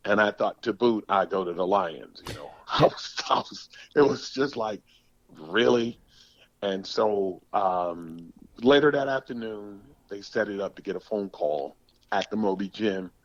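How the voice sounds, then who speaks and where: A man in his sixties from the United States, a former pro football player telling stories in a podcast interview, animated and emphatic, often repeating words. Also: fairly low pitch, no room sound, muffled recording. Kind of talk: storytelling interview.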